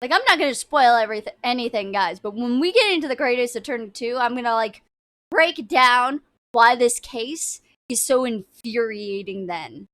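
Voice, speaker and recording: A woman's voice: fairly high pitch, lively intonation, moderate pace, fairly bright tone. A woman streamer giving casual gameplay commentary, enthusiastic and chatty, stumbling over her words. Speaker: video game streamer. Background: game music.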